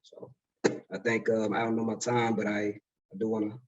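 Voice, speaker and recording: A man's voice: on the low side, monotone, moderate pace, distant mic, muffled recording. A man in his twenties telling a story in a casual, slangy way as a speaker at a summit. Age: 20s. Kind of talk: motivational talk.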